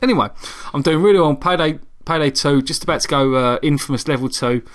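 A man's voice: a little high, fast. A man, co-hosting a podcast and telling a rambling, self-mocking story in a casual chat. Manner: rambling, self-mocking, laughs through stories. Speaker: podcast co-host.

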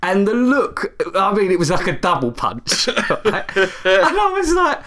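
A man's voice: high-pitched, big pitch swings, unhurried, bright, forceful tone. A man in his thirties, co-hosting a podcast, who tells stories in a casual, swearing, laugh-filled way and acts out the other people in them. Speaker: podcast co-host. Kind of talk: casual chat, storytelling.

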